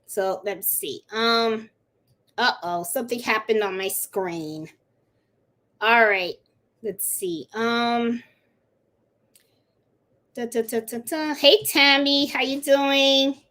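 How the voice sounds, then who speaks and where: A woman's voice: fairly high pitch, takes it slowly, bright, forceful tone. A middle-aged woman hosting a live crafting stream, chatting in a rambling, casual way and cooing to her dog now and then. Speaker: livestream host of a crafting channel.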